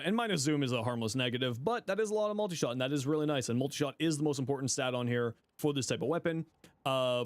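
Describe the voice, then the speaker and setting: Male streamer, casual advice-giving chat, a touch high-pitched, dry close sound. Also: no room sound. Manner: relaxed, thinks aloud with frequent "uh" fillers; friendly advice, addresses viewers by name. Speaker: streamer reviewing viewers' game builds. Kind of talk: casual livestream commentary.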